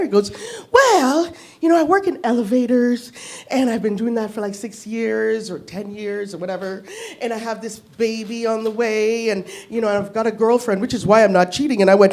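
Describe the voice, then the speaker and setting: A woman's voice: fairly high pitch, moderate pace, a little mellow. A woman in her fifties doing stand-up, telling a story in a brash, profane way and laughing at her own lines. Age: 50s. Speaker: stand-up comic. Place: comedy club stage.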